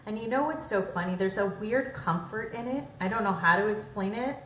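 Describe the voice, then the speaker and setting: A woman co-hosting a podcast in casual chat, animated, jumping high in pitch when acting out her own thoughts. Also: brisk. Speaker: podcast co-host. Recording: echoey room, off-mic, faint background hum.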